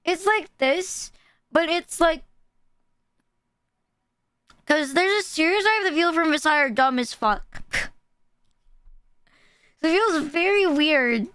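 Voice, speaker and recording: A woman's voice: very high-pitched, expressive, slow pace, pauses often, a bit bright, no room sound. A woman from the Philippines, chatting casually and profanely as a streamer reacting to videos. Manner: loose, profane, laughing asides. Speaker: VTuber streamer.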